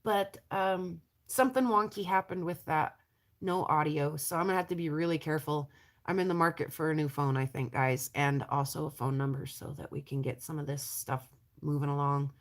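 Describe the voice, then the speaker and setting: A woman from the North American prairie, chatting casually and rambling to her viewers as a rockhounding vlogger, laughing often. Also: fairly low pitch.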